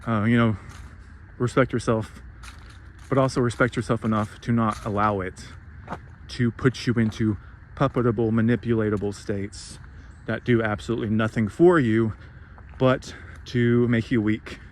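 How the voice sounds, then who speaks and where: A man's voice: mid-range voice, fairly even intonation, normal speed, a little hiss or hum. A man giving a heated, profane spiritual rant, sarcastic and emphatic, who swears freely. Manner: sarcastic, mocks others in put-on voices. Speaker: spiritual vlogger.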